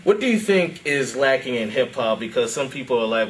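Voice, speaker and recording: A man hosting an interview in a relaxed, slangy, agreeable way. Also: mid-range voice, normal speed, slight background noise, low-quality recording. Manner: laid-back, slangy, agreeable. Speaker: interview host. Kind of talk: casual interview chat.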